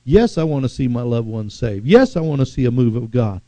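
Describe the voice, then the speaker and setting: A male preacher delivering a sermon, emphatic and swelling to loud exhortation at times. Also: medium pitch, sing-song, fairly quick, no room sound, poor audio.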